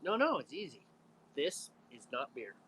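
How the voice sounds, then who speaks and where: A woman co-hosting a homebrew show, chatting casually on a live stream, animated and teasing with frequent laughs. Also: low-pitched, normal speed, slight background noise.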